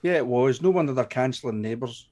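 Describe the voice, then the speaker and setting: A man's voice: mid-range voice, animated, fast talker, a little mellow. Blunt, sweary man in banter. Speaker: live stream co-host. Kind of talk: casual chat.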